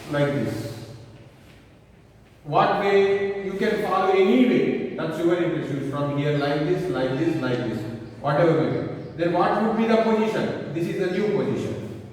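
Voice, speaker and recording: A man's voice: high voice, a little mellow, a little hiss or hum. A man teaching physics in an online class, speaking Indian English and checking often whether students follow. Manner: slow, repeats checking questions like "clear?" and "understand?". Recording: echoey hall, voice far from mic.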